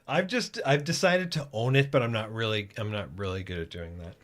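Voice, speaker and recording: A middle-aged man with a fairly low voice talks in a loose, rambling way on a casual podcast. He swears often and jokes about himself. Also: fairly quick. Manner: rambling, profane, self-mocking. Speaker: podcast co-host.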